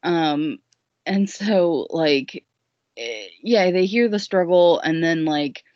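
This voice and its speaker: A woman's voice: on the low side, expressive, slow, no room sound. A woman recapping a story in a casual podcast chat, rambling and jokey with lots of fillers, in a dull lo-fi recording. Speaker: guest recapping a musical.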